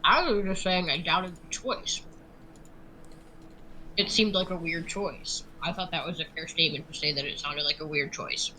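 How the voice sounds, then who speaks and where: A woman's voice: fairly low pitch, normal speed, sharp tone, a little hiss or hum, poor audio. A woman running a tabletop role-playing game as game master, chatting casually with her players.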